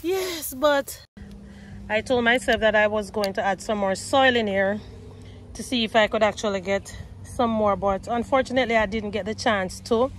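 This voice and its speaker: A woman filming a casual gardening vlog outdoors beside her potato patch, talking excitedly to her viewers on her own camera. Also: mid-range voice, normal speed, slight background noise. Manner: excitable, talks to viewers as guys. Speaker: gardening vlogger. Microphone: self-filmed camera.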